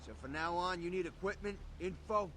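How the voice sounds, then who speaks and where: A man's voice: high voice, brisk, bright, forceful tone. A street-smart male fixer. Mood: grateful.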